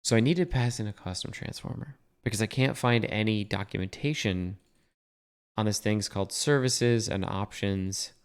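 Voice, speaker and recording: A man's voice: lowish voice, normal speed, smooth. A young man talking casually through a coding tutorial while sharing his screen, thinking aloud with fillers and self-corrections. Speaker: web developer teaching a coding tutorial.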